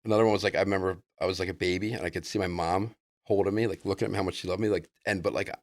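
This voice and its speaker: A man with a deep, gravelly voice rattles off a loose, excitable story as a podcast guest. His casual chat spills over with filler words, and the sound is dry and close. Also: very fast, no echo. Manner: loose, excitable, full of "like" and "dude".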